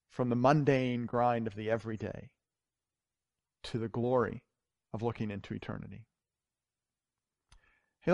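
A male pastor preaching a sermon and leading a closing prayer, earnest, swelling loud on key words and dropping soft. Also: medium pitch, no echo, studio quality.

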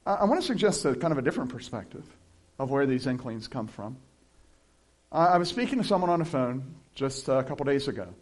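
A male pastor preaching a sermon in a relaxed, conversational way, with chuckling asides between scripture readings. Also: medium pitch, fast.

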